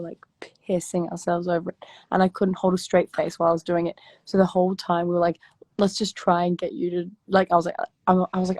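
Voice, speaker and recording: A woman's voice: fairly low pitch, warm tone, no room sound. Chatty woman, losing her voice. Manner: chatty, swears freely, laughs often. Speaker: actress chatting on a live stream. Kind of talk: casual chat.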